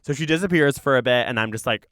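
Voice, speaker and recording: A young man from Canada, co-hosting a podcast and telling an anecdote in a casual, animated way. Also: mid-range voice, fast, no echo, clean studio sound. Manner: animated, acts out voices in anecdotes. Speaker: podcast co-host. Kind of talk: casual storytelling chat.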